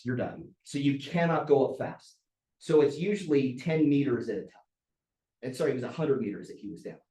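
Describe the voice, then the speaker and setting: A man's voice: mid-range voice, dark tone. A man leading a team meeting as a trainer. He tells stories conversationally and demonstrates vocal inflection as he talks. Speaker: real estate team trainer. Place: office meeting room. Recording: roomy echo.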